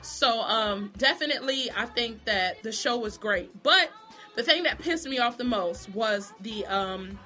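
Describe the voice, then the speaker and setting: A woman talks straight to camera in a casual, opinionated vlog monologue, cursing freely and laughing as she goes. Her voice sits a bit high and rings bright and forceful. Faint music plays underneath. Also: expressive, measured pace. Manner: blunt, profane, sassy, laughs often. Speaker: vlogger reviewing a TV show.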